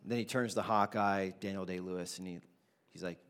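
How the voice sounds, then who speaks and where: Casual, animated male preacher. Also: lowish voice, fairly quick, clean tone. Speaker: pastor. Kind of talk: sermon.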